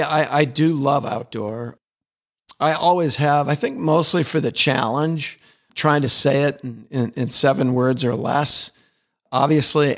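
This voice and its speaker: A middle-aged advertising executive, appearing as a guest in a conversational interview, speaks in a medium-pitched, gravelly voice. He's enthusiastic, repeating words as he restarts his sentences.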